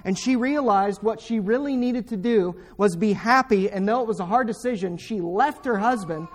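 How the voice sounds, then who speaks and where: A man's voice: high voice, normal speed. A man preaching a sermon in a fervent, exhorting way, speaking straight at his listeners with sudden emphatic bursts. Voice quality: pointed, direct address to listeners.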